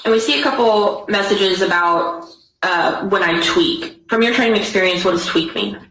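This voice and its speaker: A woman's voice: mid-range voice, normal speed, a bit bright. A woman attorney questioning a witness in court, direct and businesslike. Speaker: trial attorney. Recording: echoey courtroom feed, distant mic.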